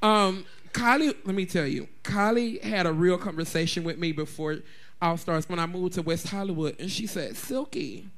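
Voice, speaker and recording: Animated bawdy man with a very high voice. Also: moderate pace. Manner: animated, bawdy storytelling full of laughter. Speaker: guest drag performer. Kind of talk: casual chat.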